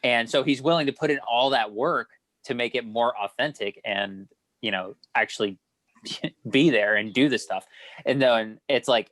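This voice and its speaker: A man of ordinary pitch talks loosely on a film podcast, circling back and correcting himself as he tells a story. The sound is close and dry, with no room around it. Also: moderate pace, a bit bright, dry recording, poor audio. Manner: rambling, self-correcting, storytelling. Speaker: podcast co-host. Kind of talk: casual chat.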